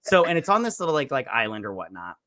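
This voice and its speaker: A man's voice: mid-range voice, sing-song, fast, sharp tone. A man co-hosting a casual movie podcast, rambling through the plot, swearing and laughing as he quotes the characters. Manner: rambling, retells scenes in quoted voices, swears, laughs often. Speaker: podcast co-host. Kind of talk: casual drunk movie recap.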